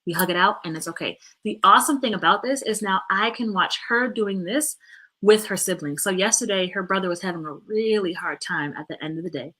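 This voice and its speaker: A mother giving parenting advice in a casual, animated, chatty way, often checking in with her listeners. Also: mid-range voice, brisk. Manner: animated, chatty, keeps asking "right?".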